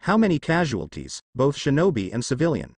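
A man voicing an old male village leader, calm and weary, in a fanfiction audiobook reading, measured and formal. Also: medium pitch, no room sound. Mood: stern.

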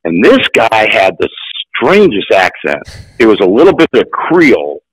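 A man in his sixties, an actor being interviewed, telling stories in a lively, casual way. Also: lowish voice, moderate pace, breathy edge, no echo, low-quality recording. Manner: animated, jumps into acted voices. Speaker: guest actor. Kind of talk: casual storytelling.

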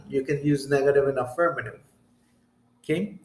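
Teacher, male, patient and very slow, drawn-out example sentences with frequent "okay?", echoey room. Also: a little high. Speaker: English teacher. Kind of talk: recorded grammar lesson.

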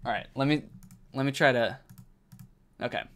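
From a carpeted room at home, a man live-streams his gaming, chatting casually with viewers and bursting into loud exclamations when he gets excited. His voice is mid-range and his pace is normal.

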